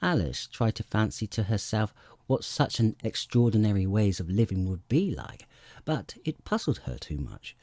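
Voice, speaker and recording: A man narrating a storybook audiobook in an expressive storytelling manner, close to the mic. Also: on the low side, moderate pace, no echo.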